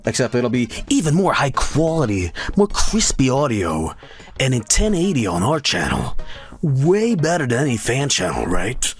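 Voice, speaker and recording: A man's voice: wildly swooping pitch, normal speed, breathy edge, soft background music. Rambling, profane young male streamer. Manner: rambling, profane, breaks into high silly voices. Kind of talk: casual live-stream chat.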